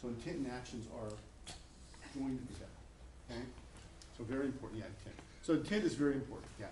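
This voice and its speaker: A middle-aged professor lectures a college class conversationally, repeating himself and acting out quick voices in a sing-song, mid-range voice. The echoey classroom carries faint noise.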